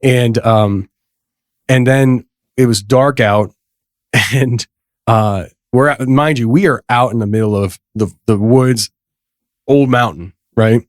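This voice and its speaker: Rambling, excitable podcast host, a man. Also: mid-range voice, takes it slowly, no room sound, studio quality. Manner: rambling, many restarts, laughs often. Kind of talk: casual conversation.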